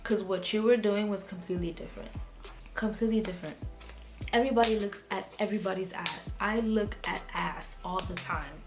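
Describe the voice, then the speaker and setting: This casual storytime comes from a young woman vlogger whose medium-pitched voice moves a little fast. She's fired up and foul-mouthed, rambling with constant "like" and restarts, while music plays in the background.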